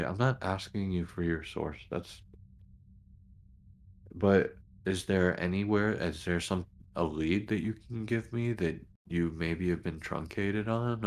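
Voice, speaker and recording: A man playing a station commander in a tabletop role-play, talking haltingly with many restarts. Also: low-pitched, a little mellow. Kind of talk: tabletop role-play, in character and narrating actions.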